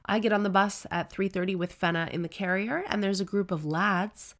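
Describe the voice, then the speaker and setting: A woman in her forties telling a comic story in a blunt, sweary, animated way, switching voices for quotes. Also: medium pitch, a little fast, few pauses.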